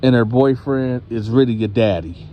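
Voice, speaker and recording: A man voicing a stern, churchgoing grandmother who scolds and demands answers in a raised, high voice. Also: moderate pace, dull audio, slight background noise, lightly acted. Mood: grim.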